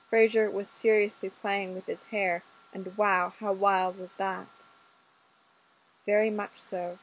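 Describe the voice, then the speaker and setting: A woman reading fan fiction aloud in a casual, expressive storytelling manner. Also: medium pitch, slow pace, poor audio. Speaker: audiobook reader.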